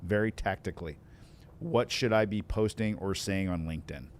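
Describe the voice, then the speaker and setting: A man's voice: low-pitched, moderate pace, slight background noise. A middle-aged man co-hosting a conversational podcast as a sales consultant, joking, laughing easily and giving blunt advice.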